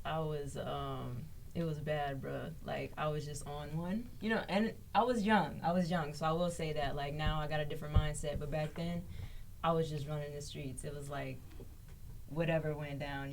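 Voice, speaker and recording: Give me a New woman with a low, gravelly voice, chatting as a podcast guest. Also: steady tone, a little hiss or hum. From New Orleans. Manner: slow, halting recollection with street slang. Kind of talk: casual podcast chat.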